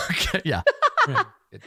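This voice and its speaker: A man's voice: on the high side, wildly swooping pitch, unhurried, vocal fry, pushed and bright, husky, dry recording, clean studio sound. A man narrating as game master, chatty and laughing often.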